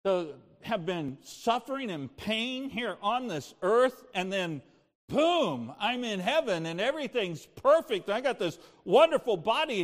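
An older man preaching a sermon as pastor, moving between impassioned preaching and soft, personal storytelling. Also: high voice, very animated, measured pace, long reverb tail.

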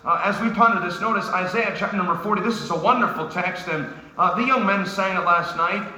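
Bright, high-voiced man preaching a sermon. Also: fairly quick, echoey room, low-quality recording. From New York. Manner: emphatic, rising to shouts, with joking asides. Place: church sanctuary.

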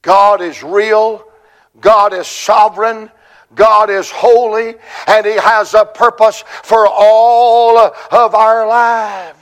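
A man in his sixties from Virginia preaching a conference sermon, with fervent rhythmic repetition that builds to shouted peaks. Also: high voice, steady tone, takes it slowly.

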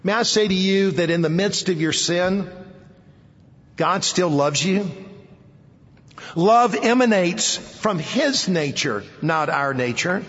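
A man preaching a sermon to a seated audience, speaking emphatically, repeating key phrases and letting his voice sink low at the ends of phrases. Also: expressive, slow, fairly bright tone, long reverb tail, dull audio. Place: hall with an audience.

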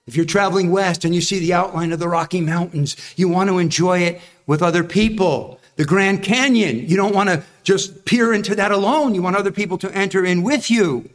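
A man preaching to his congregation in a slightly high voice. He is animated, acts out the people he quotes and keeps asking his listeners questions. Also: moderate pace. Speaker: pastor. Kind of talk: sermon.

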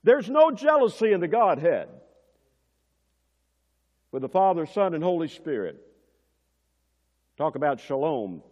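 A man preaches a sermon in a large church hall, and his voice trails into a long reverb. His pitch sits a little high and moves in lively swings, from loud emphasis down to quiet, hushed lines. He questions his listeners like a teacher, and the recording sounds somewhat dull. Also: measured pace, pauses often. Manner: teacherly, asks the congregation questions.

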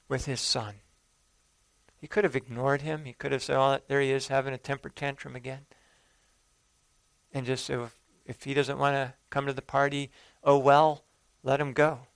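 A man preaching a sermon, retelling a parable in an earnest storytelling manner, rising for emphasis and dropping soft. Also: mid-range voice, dry recording.

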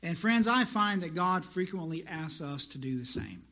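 A man's voice: on the high side, expressive, normal speed, sharp tone. A male pastor delivering a conversational sermon that builds into emphatic, repeated lines. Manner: conversational preaching, rising to emphatic repetition.

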